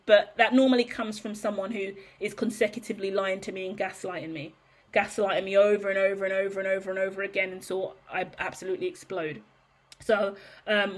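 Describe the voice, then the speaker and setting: A woman giving a heated, profane monologue to camera as a tarot reader, blunt and ranting. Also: medium pitch.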